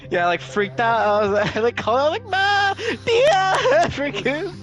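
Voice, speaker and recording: High-voiced, laughing, swearing male streamer. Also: normal speed. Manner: laughing, profane, animated anecdote-telling. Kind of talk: casual gameplay commentary and storytelling. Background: faint game music.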